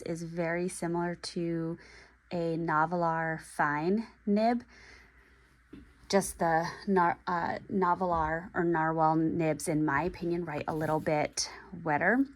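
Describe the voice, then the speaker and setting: A woman who makes pen and planner videos chats in a lowish voice while writing. Her vlog talk is casual, chatty, and relaxed, with pauses as she writes.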